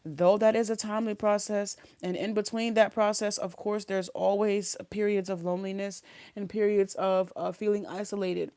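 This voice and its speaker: Woman, tarot reader, rambling casual monologue, giggles often, mid pitch, dry close sound. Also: level tone, normal speed, darkish tone, clean tone, dry recording. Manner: rambling, giggly, full of fillers and restarts. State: talking around a sore wisdom tooth. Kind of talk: casual spiritual reading monologue.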